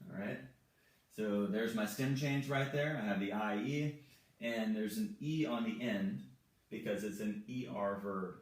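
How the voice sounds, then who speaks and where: A male Spanish teacher walking through verb forms at a whiteboard, slowly and patiently repeating each one. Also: on the low side. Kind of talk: whiteboard grammar lesson. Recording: echoey room, mic far off.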